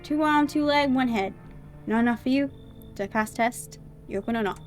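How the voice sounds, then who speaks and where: A woman's voice: on the high side, fairly quick, soft background music, close to an everyday voice. A woman voicing a blunt ballet dancer who speaks in clipped, broken English. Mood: curt.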